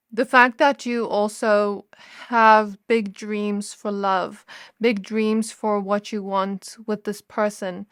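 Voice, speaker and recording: A woman giving a gentle, intuitive tarot reading to her viewers, now and then laughing softly and correcting herself as she goes. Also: medium pitch, smooth, no echo, clean studio sound. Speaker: tarot reader. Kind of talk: soft spoken tarot reading.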